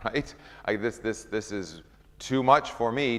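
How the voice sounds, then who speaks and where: A man's voice: medium pitch, very animated, slow pace, fairly bright tone. A man leading an informal Bible study, talking conversationally, asking the group questions and acting out scripture scenes. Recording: long hall reverb.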